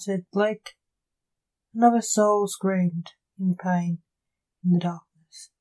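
A woman narrates a gothic story for her podcast in a measured, theatrical manner. Her delivery is slow and unhurried, with a dark, mellow tone. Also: medium pitch, steady tone, poor audio. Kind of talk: scripted narration of gothic fiction.

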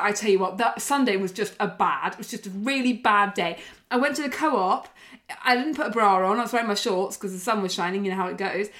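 A young woman co-hosting a podcast, chatting casually and telling stories with lively swearing. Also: fairly high pitch. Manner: chatty, swears freely, animated storytelling. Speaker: podcast co-host. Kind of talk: casual chat.

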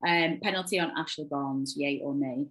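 A woman's voice: low-pitched, moderate pace, a bit bright, low-quality recording. A woman hosting a casual football podcast, chatting with hesitant ums and restarts. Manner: hesitant, lots of ums, laughs easily. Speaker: podcast host.

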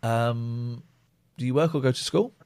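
A middle-aged man hosting a call-in live stream, chatting casually and teasing callers with deadpan jokes. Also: a little slow, clear, resonant tone. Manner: teasing, deadpan jokes, lively swings in pitch. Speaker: live stream host taking phone calls. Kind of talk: casual joking chat with callers.

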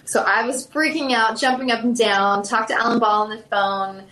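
A woman from South Carolina with a light Southern accent, an actress telling stories in a casual interview, chatty and animated with many fillers. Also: fairly high pitch, normal speed, reverberant, a little hiss or hum, low-quality recording. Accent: Southern American.

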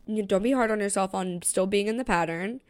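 A woman's voice: medium pitch, brisk, a little mellow, no room sound. Blunt, reassuring podcast co-host woman. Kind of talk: casual chat.

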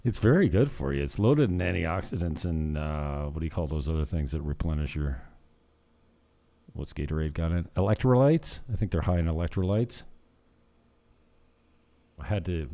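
A man's voice: very deep voice, moderate pace, pauses often, mellow. A man talking casually to his viewers in a meandering vlog, often breaking off mid-thought and chuckling at his own asides. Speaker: vlogger. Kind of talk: casual rambling chat to camera.

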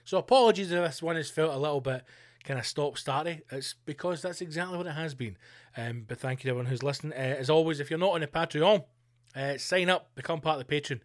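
Lively man hosting a podcast. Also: on the high side, quick pace, no room sound, studio quality. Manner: animated, sweary, laughs while reading news aloud. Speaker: podcast host. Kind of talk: casual solo podcast chat.

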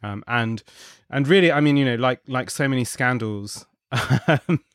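A man's voice: mid-range voice, a little slow, clean tone, no echo, clean studio sound. A man as a podcast guest, giving wry political analysis in a thoughtful way, with frequent ums and restarts. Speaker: guest, contributing editor.

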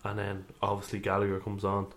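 A man co-hosting a football podcast, giving measured, analytical match talk. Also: fairly low pitch, monotone. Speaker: podcast co-host. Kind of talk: casual football chat.

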